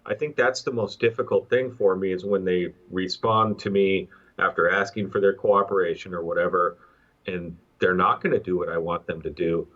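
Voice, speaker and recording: Middle-aged man, guest, halting with fillers, very low voice, dull audio. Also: bright, forceful tone. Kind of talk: casual conversation.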